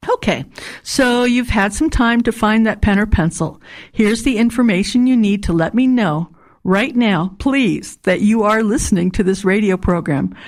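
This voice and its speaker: Woman radio host, mid-pitch, earnest and deliberate when reading out numbers and details. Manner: spells out numbers and addresses slowly and deliberately; earnest, pleading with listeners to get in touch. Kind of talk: community radio announcements. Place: radio studio.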